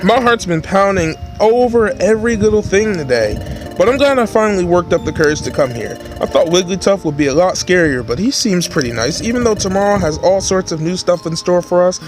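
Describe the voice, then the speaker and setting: A man's voice: high-pitched, lively intonation, a little fast, over music. A man voicing an eager young creature partner. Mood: earnest.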